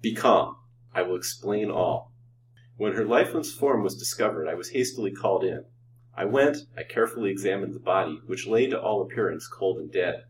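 A man's voice: low-pitched, fairly quick, recorded from a distance, a little hiss or hum, rough recording. A man doing a cold, scheming doctor. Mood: calm. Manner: calm, cold, sneering.

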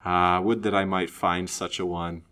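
A man's voice: deep voice, little pitch movement, moderate pace, sharp tone. A man voicing a vain, scheming young woman in a storybook reading, coaxing and pettish, then plaintive.

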